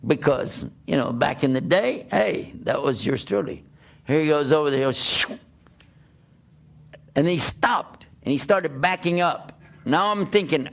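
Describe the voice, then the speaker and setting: An older man tells a personal story to listeners with a lively storyteller's rhythm, laughing often and slipping into the voices of the people he met. His voice sits a little high for a man and has a gravelly, frayed edge. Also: unhurried. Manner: animated storyteller, laughs, acts out dialogue. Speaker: preacher. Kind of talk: storytelling talk.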